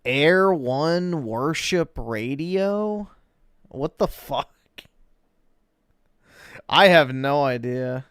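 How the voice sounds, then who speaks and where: A man livestreaming, reacting casually to videos with slow, blunt, sardonic remarks. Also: fairly high pitch, lively intonation, a bit bright, clear, resonant tone, no room sound, clean studio sound.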